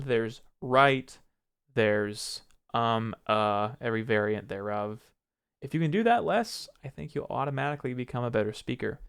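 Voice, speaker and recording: A young man with a smooth, clear voice talks straight to his viewers in a relaxed advice vlog. He pauses often to find his next words. He admits to his own speech habits in a frank way. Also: mid-range voice. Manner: reflective, pauses often while choosing words; self-critical about his own speech. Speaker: streamer and video creator. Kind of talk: casual advice talk to camera.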